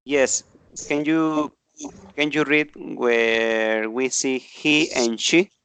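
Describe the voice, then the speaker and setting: A man's voice: medium pitch, drawn-out words, fairly bright tone, smooth. A man teaching an online English grammar class, explaining patiently and often checking in with tag questions.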